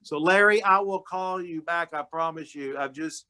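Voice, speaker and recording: The voice is a little high and moves at normal speed as this man, a county judge recovering from illness, speaks to a club meeting over video. His casual guest talk is warm, folksy and full of storytelling.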